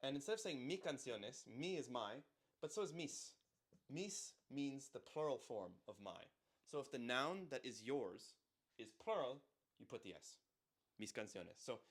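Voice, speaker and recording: A man walks through grammar in a relaxed, chatty teaching voice. He sits at a middle pitch and keeps coming back to repeat short example phrases aloud. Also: normal speed. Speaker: Spanish teacher. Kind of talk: casual explanatory lesson.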